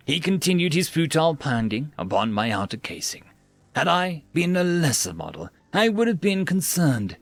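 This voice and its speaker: Male narrator, wry sci-fi story narration, animated, gravelly, dry close recording, faint music. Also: fairly high pitch, normal speed, no echo.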